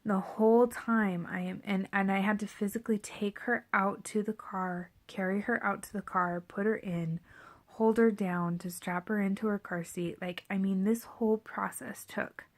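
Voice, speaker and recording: Candid pregnant young woman vlogging, hushed. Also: medium pitch, fairly even intonation, normal speed. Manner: candid, reflective, often dropping to a near whisper. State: seven and a half months pregnant. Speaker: parenting vlogger. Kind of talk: casual storytelling to camera.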